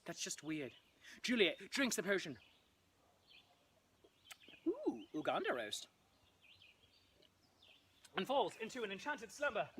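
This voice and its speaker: A playful man acts out a classic play for laughs, his voice leaping across a wide range with a bright, forceful tone. He keeps up a stream of asides and silly sound effects. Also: sits high, sing-song, brisk, a little hiss or hum. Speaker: comedic Shakespeare performer. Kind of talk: comic storytelling with props.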